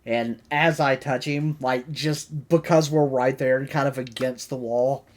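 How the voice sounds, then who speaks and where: A man's voice: mid-range voice, steady tone, measured pace. A man playing in a tabletop game, describing his moves hesitantly with many fillers. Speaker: player. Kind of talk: casual tabletop game play.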